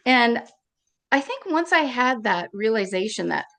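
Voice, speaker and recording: A woman being interviewed, telling a painful personal story in an emotional, halting way and repeating her words. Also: fairly high pitch, very animated, vocal fry, sharp tone. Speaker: interview guest.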